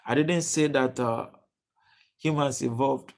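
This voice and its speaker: A man's voice: mid-range voice, vocal fry, a little mellow. A young man from Nigeria, hosting a casual livestream, reading out viewers' names and restarting his sentences with many fillers. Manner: halting, many fillers and restarts, addresses chat viewers by name. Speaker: livestream host. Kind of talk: casual live chat reading comments.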